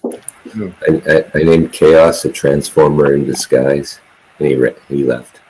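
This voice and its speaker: A man's voice: a bass voice, steady tone, slow pace, darkish tone, husky, poor audio. A man in a casual voice chat, amused and teasing.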